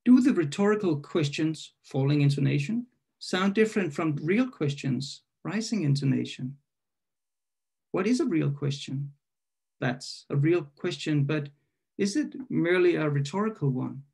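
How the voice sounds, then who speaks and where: A man with a somewhat high, gravelly voice that has a husky edge reads his own poetry to an online audience. He is tentative and full of restarts when he talks about the poem. When he reads it, he turns deliberate and probing, and the sound comes through a video call. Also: expressive, a little mellow. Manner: halting and self-correcting when introducing, measured and questioning when reading. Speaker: poet reading his own work.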